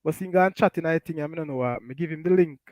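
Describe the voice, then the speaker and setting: A man's voice: fairly high pitch, fast talker, no echo. A Jamaican man hosting a casual live stream, reading out chat comments and laughing often. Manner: laughs often, animated, Patois-flavored. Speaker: talk show host.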